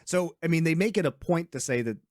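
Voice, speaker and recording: A man's voice: on the high side, lively intonation, brisk, no echo, clean studio sound. A man co-hosting a casual podcast chat, opinionated, laughing often and restarting his sentences. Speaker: podcast co-host.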